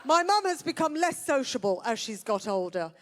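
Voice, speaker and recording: A woman doing a dry, deadpan stand-up set with a high, light voice. She speaks into a stage mic, and a faint hiss sits under the recording. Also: moderate pace. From Britain. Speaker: stand-up comedian. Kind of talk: stand-up routine. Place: comedy festival stage.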